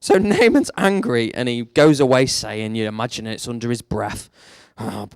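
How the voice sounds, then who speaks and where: A man preaching a sermon with animated storytelling that swings between hushed and emphatic. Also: mid-range voice, normal speed, creaky, clear, resonant tone, no echo, studio quality.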